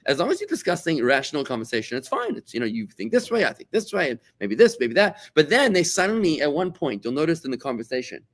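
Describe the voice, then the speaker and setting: Male rabbi, middle-aged, from South Africa; lively conversational teacher who repeats words and acts out other people's lines. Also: a little high, quick pace, creaky, hardly any pauses. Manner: animated, repeats words, acts out quoted voices. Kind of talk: conversational Torah class.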